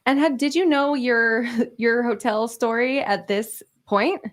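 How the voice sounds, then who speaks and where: A woman's voice: a little high, slow pace. A woman podcast host asking questions with playful, joking asides. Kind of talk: interview questions.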